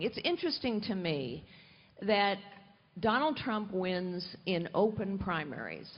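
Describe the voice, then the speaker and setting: A woman in her sixties, a former candidate, delivering crisp, rallying lines during a live interview at a rally. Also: medium pitch. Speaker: former candidate, campaign surrogate. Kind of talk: live political interview on stage. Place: outdoor rally stage. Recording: muffled live mic with clear noise.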